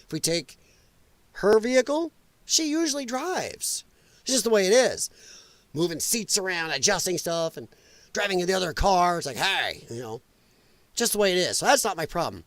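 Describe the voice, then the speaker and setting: A man's voice: high-pitched, a bit bright, dry recording. A man hosting a livestream from home, ranting in casual political commentary and putting on mocking voices. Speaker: livestream host. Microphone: headset.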